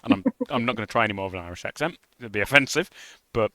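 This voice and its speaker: A man co-hosting a podcast, reviewing an episode in an animated way and acting out the lines he quotes. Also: on the low side, quick pace, no room sound. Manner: animated, laughs, acts out quotes. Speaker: podcast co-host. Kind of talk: casual chat reviewing an episode.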